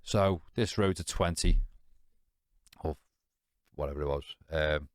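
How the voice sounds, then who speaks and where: Speaking at an extremely low pitch and an unhurried pace, a man recorded in a clean studio with no echo appears as a podcast guest. He recounts a candid personal tale in British slang, blunt and full of swearing. His talk wanders and restarts, packed with fillers and frequent "you know what I mean" asides.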